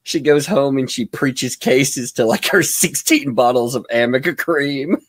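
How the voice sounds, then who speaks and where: A man's voice: mid-range voice, a little slow, no room sound, studio quality. A man giving mocking commentary over trial footage, laughing often and speaking theatrically. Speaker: commentary vlogger.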